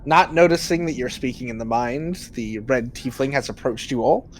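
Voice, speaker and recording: A man narrating a tabletop game as game master, relaxed and filler-laden. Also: mid-range voice, normal speed, a little hiss or hum.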